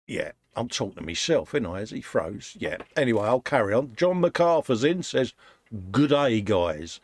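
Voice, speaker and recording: A man's voice: mid-range voice, big pitch swings, moderate pace, no echo. A British man hosting a casual live stream from his workshop, reading out viewer comments in a chatty, matey way. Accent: British English. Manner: chatty, matey, calls viewers mate and folks. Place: home workshop.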